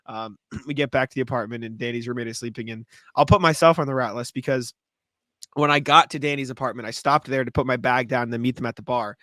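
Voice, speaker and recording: A man's voice: medium pitch, fairly even intonation, fast, a bit bright, dry recording. A young man co-hosting a podcast, telling a drunken night-out story with laughs and plenty of swearing. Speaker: podcast co-host. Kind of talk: casual chat.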